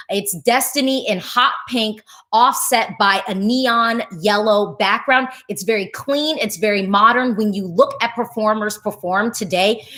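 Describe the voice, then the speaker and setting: A woman vlogger giving casual, chatty reaction commentary full of fillers, who gets emotional while talking. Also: mid-range voice. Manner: chatty, animated, lots of fillers, nitpicking notes; gets emotional and laughs mid-thought.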